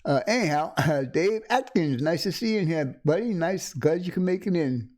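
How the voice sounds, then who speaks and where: A middle-aged man hosts a casual livestream from a home desk, speaking close to a condenser microphone. His voice sits a little high for a man, and he rambles easily, greeting viewers by name with frequent chuckles. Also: expressive, normal speed, darkish tone. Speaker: livestream host. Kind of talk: casual live-stream chat.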